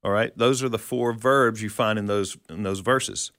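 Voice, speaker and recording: A man's voice: fairly low pitch, steady tone, normal speed, a bit bright, no room sound, clean studio sound. A man co-hosting a conversational Bible teaching, explaining verses and asking questions. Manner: explanatory, quotes scripture, asks questions.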